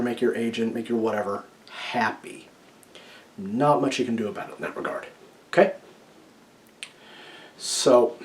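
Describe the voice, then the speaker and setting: Medium in pitch, this man's voice carries casual, opinionated writing advice aimed at the camera. He often checks in with "okay?" and moves back and forth between loud emphasis and soft asides.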